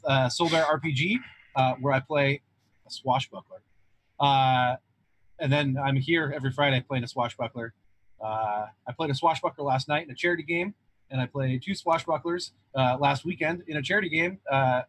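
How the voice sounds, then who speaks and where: A man's voice: a little high, a bit bright. A man introducing himself on a game stream, rambling chattily with many fillers. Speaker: player. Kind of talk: casual livestream chat.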